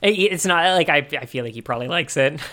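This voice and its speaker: Smooth-voiced guy cohosting a podcast, thinks out loud, dry jokes. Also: a little high, animated, quick pace. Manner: wry, joking asides; thinks aloud. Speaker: podcast co-host. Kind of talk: casual podcast chat.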